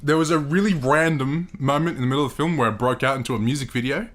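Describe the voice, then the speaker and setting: A man's voice: medium pitch, fast talker. A young man co-hosting a casual film review podcast, telling stories with eager enthusiasm. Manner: enthusiastic, animated storytelling. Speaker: podcast co-host.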